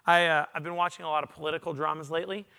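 Bright-voiced preacher man, earnest and emphatic. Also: a little high, fairly even intonation, rapid-fire, smooth. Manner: earnest, swings from loud emphatic peaks to quiet confessional drops. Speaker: pastor. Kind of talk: sermon. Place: church auditorium before a large congregation.

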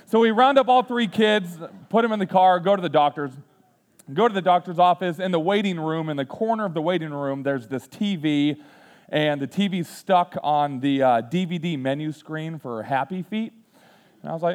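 A man in his thirties, a pastor giving a sermon, telling funny self-deprecating stories and then speaking quietly and earnestly. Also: on the high side, brisk. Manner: humorous, self-deprecating storyteller who acts out quotes; turns quiet and earnest when reflecting. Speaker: student ministries pastor. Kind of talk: sermon with personal storytelling.

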